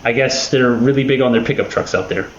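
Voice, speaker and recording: A man's voice: medium pitch, brisk, reverberant, lo-fi sound, slight background noise. A man hosting his own channel, chatting casually and rambling with lots of swearing and self-deprecating jokes. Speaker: video host. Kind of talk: casual rambling chat over gameplay.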